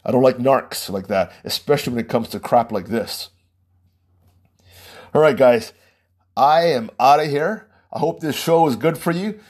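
A man's voice: mid-range voice, moderate pace, darkish tone, husky. A man hosting his own small podcast, giving a heated, rambling political monologue and laughing between points. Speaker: podcast host.

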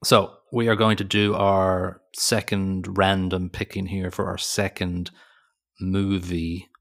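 A man's voice: low voice, level tone, slow, creaky, a bit bright. A man co-hosting a movie podcast, chatting in a rambling, jokey way that keeps correcting itself. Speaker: podcast co-host. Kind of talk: casual movie podcast chat.

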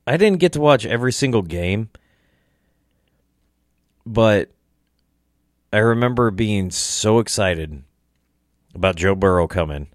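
A man's voice: fairly low pitch, expressive, measured pace, pauses often, no echo, studio quality. A young man hosting a solo podcast, tired and tipsy, rambling casually and swearing a lot. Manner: rambling, profane, laid-back. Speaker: podcast host.

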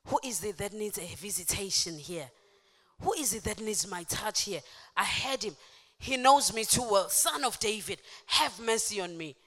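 A woman voicing a hushed, gentle questioner. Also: a little high, expressive, moderate pace. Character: gentle man calling softly into the crowd. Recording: echoey church hall.

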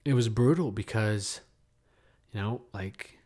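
A man co-hosting a casual talk show, telling a story in a rambling way with lots of fillers and restarts, trailing off quietly at heavy moments. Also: fairly low pitch, takes it slowly. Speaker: podcast co-host. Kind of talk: casual chat.

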